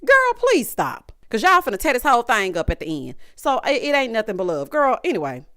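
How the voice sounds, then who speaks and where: Sassy animated woman recapping TV. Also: a little high, quick pace. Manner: sassy, animated, mimics cast members in quoted voices. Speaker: recap commentator. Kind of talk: casual reality-show recap commentary.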